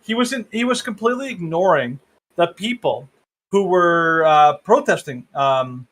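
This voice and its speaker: A man co-hosting a podcast over a video call, talking politics in a halting, opinionated way. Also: high-pitched, lively intonation, a bit bright, a little hiss or hum. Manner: halting, many fillers and restarts, opinionated. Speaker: podcast co-host. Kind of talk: casual political discussion.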